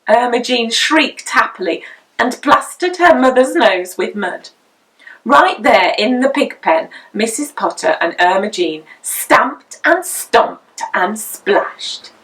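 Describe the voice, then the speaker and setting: With a voice on the high side, a woman slowly reads aloud from a picture book, storyteller-style, in an expressive, sing-song manner. The mic picks her up from slightly far off.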